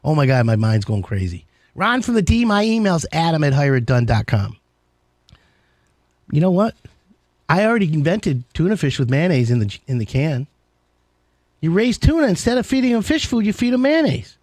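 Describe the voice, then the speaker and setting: Male talk show host, high voice, lively swings in pitch, dry close sound, rambling and jokey. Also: moderate pace, no echo. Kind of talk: casual call-in radio chat.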